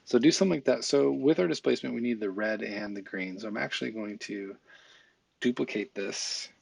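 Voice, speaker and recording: A man talking through a software tutorial in a casual, think-aloud way, with fillers and small asides as he works. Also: mid-range voice, a little fast, creaky, slightly rough, no echo. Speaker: visual effects tutorial instructor. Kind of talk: screen-recorded software tutorial.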